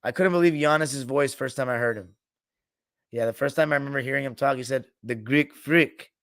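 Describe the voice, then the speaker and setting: A man's voice: medium pitch, steady tone, fast, vocal fry, fairly bright tone, no echo. A man in the middle of his range talks basketball in a loose, joking way, cursing often and answering his live chat as he goes. The sound is dry and close, with no room around it. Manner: loose, joking, swears freely, mimics coaches. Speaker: podcast host. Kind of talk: casual sports talk, reading live chat.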